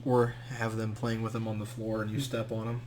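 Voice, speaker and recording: A young man co-hosting a podcast in casual chat, relaxed and agreeable, chiming in briefly. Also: on the low side, brisk, a little hiss or hum. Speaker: co-host.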